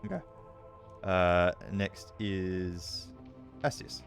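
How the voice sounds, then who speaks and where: A man narrating as dungeon master of a tabletop game, talking loosely with many fillers and pauses. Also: sits low, lively intonation, vocal fry, faint music behind.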